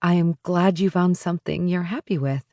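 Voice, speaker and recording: A woman's voice: on the low side, moderate pace, mellow, no echo, natural voice. A woman voicing a polite, restrained young bride-to-be in an audiobook, in a dry recording.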